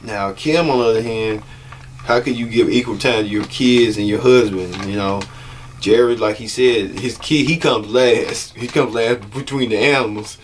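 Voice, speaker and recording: A man's voice: mid-range voice, moderate pace, slight background noise. A man hosting a show, giving loose, chatty commentary and laughing often. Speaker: host. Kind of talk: casual commentary.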